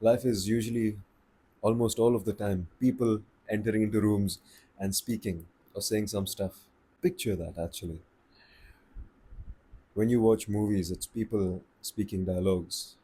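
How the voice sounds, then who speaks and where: A man giving voice tips in a relaxed, unhurried, conversational way, slowing down to stress his points. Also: on the low side, breathy edge. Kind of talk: casual advice talk to camera.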